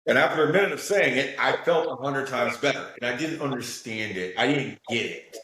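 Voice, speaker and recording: A man in a spiritual interview speaks earnestly and with emphasis. His voice sits at an ordinary middle pitch. The room around him rings with heavy echo. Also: lively intonation, fairly quick, sharp tone, slight background noise. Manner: earnest, emphatic, keeps checking in with "right?". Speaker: guest. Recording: very echoey room.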